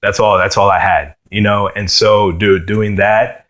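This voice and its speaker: Earnest young man, lowish voice. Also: steady tone, fairly bright tone. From New York, USA. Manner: earnest, halting, lots of "you know" and "man". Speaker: guitarist sharing his testimony. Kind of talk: personal testimony.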